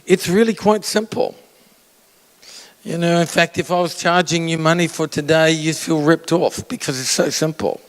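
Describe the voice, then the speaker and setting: A man's voice: a little high, fairly even intonation, normal speed. A male pastor giving a conversational sermon, asking the audience questions and acting out inner voices. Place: church auditorium. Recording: long reverb of a large hall.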